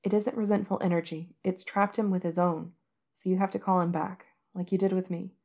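Audiobook role: shaken young man, wry even when rattled, broken-off phrases, read by a woman. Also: lowish voice, creaky. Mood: urgent. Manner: shaky, halting, broken-off phrases. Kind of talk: audiobook reading.

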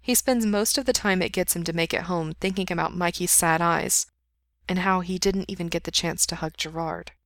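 A woman reads a story aloud in a steady, intimate way, her low voice carrying a gravelly fry. The recording is dry and close, with no room sound. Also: normal speed, dry recording. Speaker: story reader. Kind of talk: reading fan fiction aloud.

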